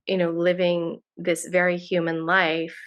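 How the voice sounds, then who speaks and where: A woman's voice: on the low side, monotone, a little slow, a bit bright, smooth, dull audio. A woman guest on a podcast, talking in a casual, effusive way with many restarts. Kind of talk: casual interview chat.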